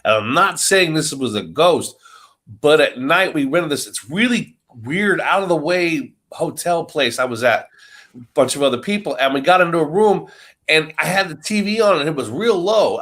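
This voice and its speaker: High, lively-voiced man telling a story. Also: normal speed. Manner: animated storyteller who swears and acts out quotes. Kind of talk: casual chat.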